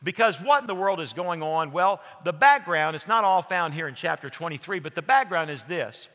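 A man's voice: on the high side, animated, moderate pace, sharp tone, long reverb tail. A man preaching a sermon in a church, folksy and anecdotal, with frequent fillers and restarts. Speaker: pastor. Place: church sanctuary.

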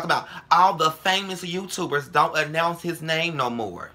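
Young man, bright cutting voice, slightly high pitch, brash profane vlog rant. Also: normal speed, few pauses. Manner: brash, heated, profane, calls viewers girl and ho. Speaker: vlogger.

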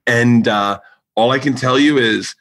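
A man's voice: medium pitch, unhurried, fairly bright tone. Rowdy storytelling podcast host, a man. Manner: rowdy, swearing, acts out quotes in raised voices. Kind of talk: casual storytelling chat.

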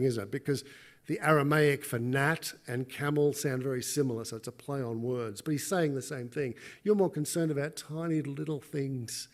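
A man with an Australian accent preaching a sermon in an animated, conversational way. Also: medium pitch. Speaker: pastor.

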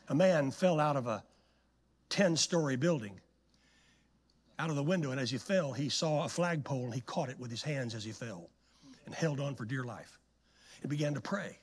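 A male guest preacher tells stories in an animated, dramatic sermon. His husky voice sits high and swings widely in pitch. Long reverb from the church hall trails after his words. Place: church sanctuary.

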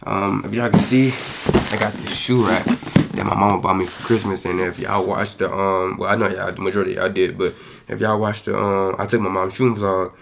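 Fast-talking young man with a low, gravelly voice. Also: flat delivery, a bit bright, slight background noise. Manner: talks fast and rushes his words; loose, slangy, peppered with "you feel me". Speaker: vlogger. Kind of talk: casual vlog chat to camera.

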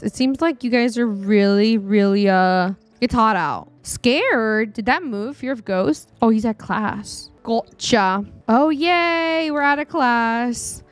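Chatty gamer girl, kinda high voice, goofy commentary w/ faint music behind. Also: lively intonation, measured pace, hardly any pauses. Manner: chatty, playful, hums and giggles to herself. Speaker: gaming streamer. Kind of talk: casual gameplay commentary. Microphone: desktop dynamic mic.

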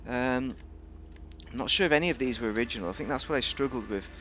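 A man's voice: mid-range voice, fast, a bit bright, a little hiss or hum. A man giving rambling, joking commentary while reviewing a video game. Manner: rambling, chatty, jokey asides. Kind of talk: casual gameplay commentary.

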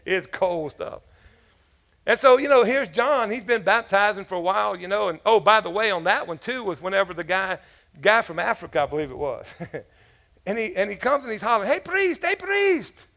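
A man's voice: high-pitched, fairly quick, gravelly, fairly bright tone. A man pastor preaching a sermon in a casual, joking storytelling manner, with asides to the congregation. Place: church.

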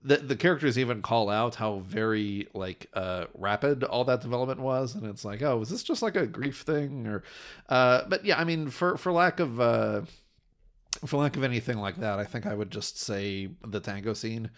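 A man co-hosting a casual podcast chat, talking in halting bursts with many restarts and fillers, and laughing often. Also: mid-range voice. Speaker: podcast co-host.

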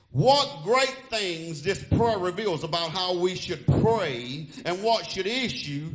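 A man's voice: high-pitched, a bit bright. A male pastor preaching fervently in church, often calling out "Huh?" to the congregation. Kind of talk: sermon.

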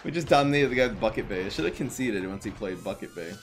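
A young man giving casual live commentary on his card game, excitable and jokey, muttering one moment and loud the next. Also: fairly low pitch, fast talker, a little hiss or hum. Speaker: gaming streamer.

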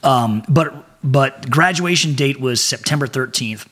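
A middle-aged man, a former Marine and SEAL, telling profane, animated stories as a podcast guest and acting out what others said. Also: mid-range voice, unhurried, husky. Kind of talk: casual storytelling.

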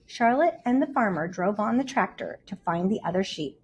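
A woman reading a children's storybook aloud in an expressive, lively way. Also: mid-range voice, moderate pace, husky.

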